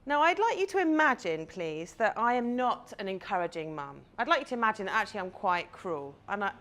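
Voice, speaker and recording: A woman in her thirties gives a live talk as a confidence coach. She guides her audience through an imagined scene in a chatty, engaged way. Her pitch rises and falls in a lively way. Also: a little fast.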